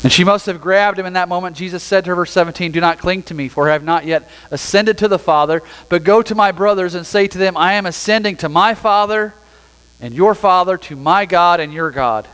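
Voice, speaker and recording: A man preaching a sermon as pastor, reading scripture aloud and then explaining it in a relaxed, conversational way. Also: high voice, a little fast, clear, resonant tone, big-room sound, poor audio. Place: church sanctuary.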